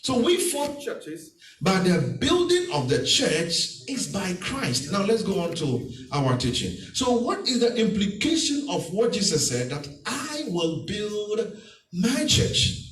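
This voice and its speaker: A male pastor preaching to his congregation, teaching verse by verse and coming back to key phrases again and again. His voice sits a little high and swings widely in pitch. He is heard from some distance in an echoey church hall. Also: huge pitch swings, a little slow, a little hiss or hum. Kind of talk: sermon.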